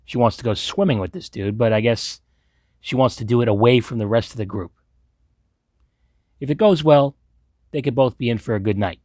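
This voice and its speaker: A man's voice: medium pitch, normal speed, pauses often, darkish tone, no room sound, clean studio sound. A man from Long Island, recapping a movie in a blunt, sarcastic way and swearing freely. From Long Island, New York. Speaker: movie commentator. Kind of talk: profane movie recap commentary.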